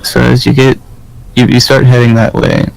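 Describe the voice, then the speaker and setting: A man running a tabletop game as game master, narrating in a halting way with many fillers. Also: mid-range voice, little pitch movement, gravelly, low-quality recording. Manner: hesitant, filler-heavy improvised narration.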